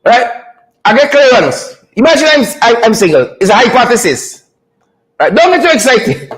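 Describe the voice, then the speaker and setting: A man hosting a comedic commentary segment, teasing in a preacher-like way with drawn-out punchlines. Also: very high voice, sing-song, a bit bright, rough recording. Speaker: show host.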